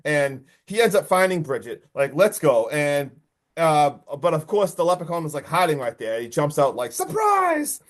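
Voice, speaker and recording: A man hosting a podcast, excitedly recapping a horror movie in casual chat and acting out lines from it. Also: a little high, moderate pace. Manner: excited, swearing, acts out lines from the film. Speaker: podcast host.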